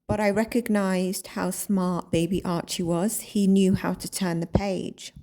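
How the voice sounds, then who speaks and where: A woman's voice: mid-range voice, fairly even intonation, dark tone. A woman hosts her own channel and comments thoughtfully on a clip, inviting the viewer to reflect with her. She speaks unhurriedly in an ordinary middle register, weighing each point as she goes. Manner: reflective, measured, asks the viewer to consider. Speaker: psychic channel host.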